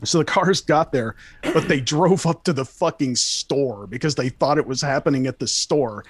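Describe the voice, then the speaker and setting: A man's voice: mid-range voice, normal speed, slightly rough, no room sound. Young male host, casual story, swears a lot, very dry close sound. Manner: rambling, profane, lots of fillers and restarts.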